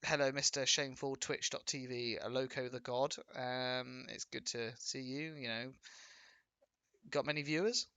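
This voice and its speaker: Gravelly bright English man, rambling. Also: mid-range voice, steady tone, normal speed. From Wiltshire, England. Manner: rambling, swears freely. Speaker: livestream host. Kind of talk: casual chat.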